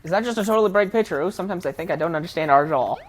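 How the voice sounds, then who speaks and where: A woman's voice: lowish voice, lively intonation, very fast. A woman giving casual, rambling let's play commentary, frank and often correcting herself.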